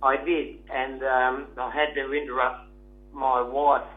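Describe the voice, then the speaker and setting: Aussie bloke on a tinny phone call, halting, hunting for words. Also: male voice, mid-range voice, level tone. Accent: Australian. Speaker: caller. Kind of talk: casual phone chat. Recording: phone line.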